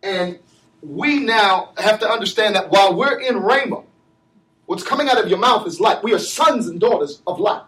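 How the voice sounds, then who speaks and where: A man preaching a sermon and calling for responses from the congregation, swinging between shouted lines and low asides. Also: expressive, normal speed. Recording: echoey church from far off.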